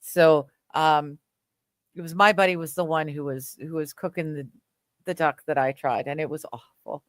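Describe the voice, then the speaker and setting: Casual streamer woman from Canada, lower-pitched, chatty, smooth tone. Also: fairly even intonation, normal speed, no echo, studio quality. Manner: chatty, laughs often, trails off with fillers. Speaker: livestream host. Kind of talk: casual chat reading viewer comments.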